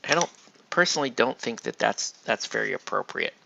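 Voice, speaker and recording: A man's voice: medium pitch, animated, brisk, gravelly, sharp tone, lo-fi sound. A man chatting casually as he paints miniatures, rambling and restarting his sentences, with some mild swearing. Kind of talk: casual chat while painting.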